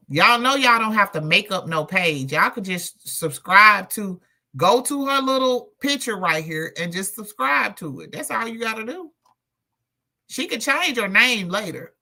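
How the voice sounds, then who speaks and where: This is a woman hosting a casual livestream who talks to her viewers like friends. Her delivery is blunt and loose, with plenty of swearing. The voice is gravelly, with a bright, forceful tone. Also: medium pitch. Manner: blunt and profane, talks straight to chat. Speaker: livestream host.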